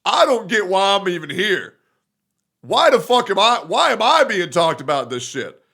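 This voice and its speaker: A man's voice: high-pitched, sing-song, normal speed, creaky, sharp tone, slightly rough. A young man streaming live, ranting at his chat in a heated, argumentative way and swearing often. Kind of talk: livestream rant to chat.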